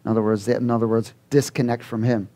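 A man's voice: mid-range voice, little pitch movement, fast, dark tone. A male pastor preaching a sermon, reading scripture aloud and calling for responses from the congregation.

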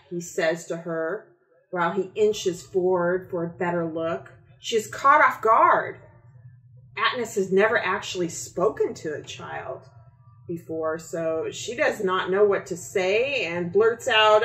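Woman author reads her kids' book aloud, unhurried and expressive, roomy echo. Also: fairly low pitch. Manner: slow, expressive storytelling. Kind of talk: reading a picture book aloud. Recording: echoey room.

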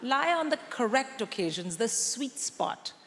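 A woman's voice: a little high, big pitch swings, unhurried, very noisy. A middle-aged woman performing a stand-up comedy set, punchy and conspiratorial, mock-lecturing the crowd. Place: large theatre stage. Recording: live theatre hall with audience.

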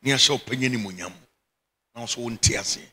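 A man's voice: medium pitch, fairly quick, pushed and bright, slightly rough. A middle-aged Ghanaian man preaching a sermon as bishop, emphatic and often breaking into laughter. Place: church chapel.

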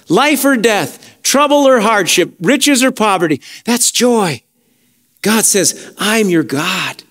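A male pastor preaching a sermon with fervour, dropping to hushed lines and rising to exhortations, repeating praise. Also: extremely high pitch. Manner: impassioned preaching, swinging between soft hushed lines and raised exhortations; fervent, with repeated "praise God" and "hallelujah".

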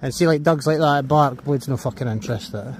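A man's voice: medium pitch, a little fast, a little hiss or hum. A Scottish man chatting casually and swearing as he films himself walking his dog on a beach. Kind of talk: casual chat while walking outdoors. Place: outdoors on a beach.

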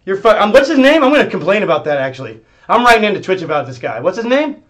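A man streaming live, ranting at his chat in a profane, confrontational way, swinging between muttering and yelling. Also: sits high, very animated, very fast. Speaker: livestreamer.

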